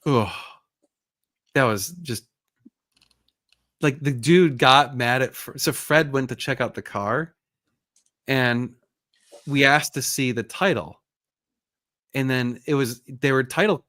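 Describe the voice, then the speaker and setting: A man hosting a casual live chat, telling a story with lively bursts and frustrated sighs. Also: mid-range voice, a little slow, long pauses, dry recording. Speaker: host.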